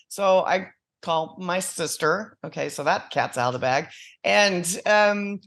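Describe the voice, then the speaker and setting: A woman's voice: on the low side, slow pace, a bit bright. A woman on a panel show, chatting casually and telling personal anecdotes.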